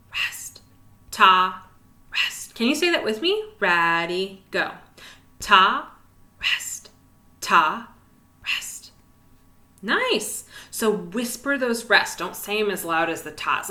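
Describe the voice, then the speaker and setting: A woman's voice: mid-range voice, bright, forceful tone, reverberant. A woman music teacher giving a cheerful, encouraging video lesson to young children, speaking in a sing-song way and whispering the rests.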